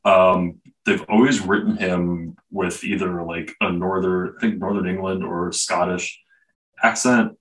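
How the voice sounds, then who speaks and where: Deep, slow, laid-back man. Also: fairly even intonation, fairly bright tone, far from the mic, low-quality recording. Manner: laid-back, halting, with many fillers. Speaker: podcast co-host. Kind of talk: casual chat reviewing comics.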